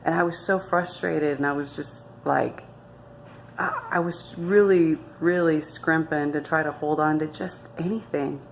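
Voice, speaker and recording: Low-voiced woman telling her story earnestly. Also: steady tone, unhurried, creaky, a little hiss or hum. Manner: earnest and emphatic, with frequent restarts. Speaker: vlogger sharing her life story. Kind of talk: candid personal testimony.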